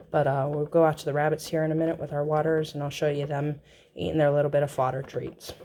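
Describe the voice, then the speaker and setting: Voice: medium pitch, little pitch movement, fast talker, dark tone, a little hiss or hum. Chatty small-farm rabbit keeper. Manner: chatty and explanatory, with plenty of ums and uhs. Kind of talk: casual how-to demonstration.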